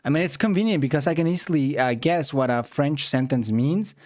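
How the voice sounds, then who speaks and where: A man chatting casually as a reaction streamer, musing aloud in a relaxed, easygoing way. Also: a little high, brisk. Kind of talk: casual chat.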